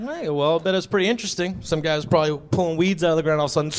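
A man's voice: high-pitched, racing, hardly any pauses, crowd noise, background noise. A man doing a stand-up set, telling stories and acting out both sides of his conversations. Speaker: stand-up comedian. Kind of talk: stand-up set before a live audience. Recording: stage recording with audience laughter.

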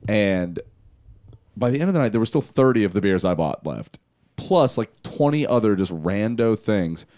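A man chatting on a podcast in a lowish voice, rambling from one story to the next and laughing along the way. The sound is dry and close, with no room around it. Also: animated, normal speed, dark tone, no echo. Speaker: podcast co-host. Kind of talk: casual chat.

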